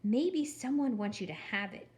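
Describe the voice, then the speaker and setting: A woman voicing a gentle, hopeful younger sister, soft and pleading. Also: fairly high pitch, expressive, normal speed, natural voice.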